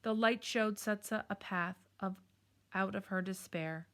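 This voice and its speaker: A woman reading a children's chapter book aloud in a calm, measured storytelling manner. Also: mid-range voice. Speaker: storybook reader.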